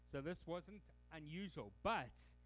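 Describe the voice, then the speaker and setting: A Canadian man preaches to his congregation with a high voice. He is animated and slips into the voices of the people he quotes. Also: slow, soft background music. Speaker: pastor. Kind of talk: sermon.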